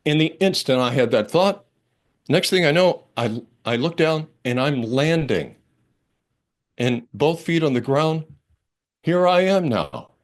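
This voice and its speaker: An older man, a minister, telling a personal story during a church sermon, expressive and conversational, dropping to a hush and rising with excitement. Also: a little high, unhurried. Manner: expressive, dramatic storytelling with big swings between hushed and excited; conversational, with fillers and restarts. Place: church service.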